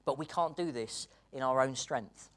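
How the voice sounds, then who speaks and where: A preacher from Britain, speaking at a moderate pace with medium pitch, delivers an earnest sermon. He moves from hushed to excited passages and laughs between his points.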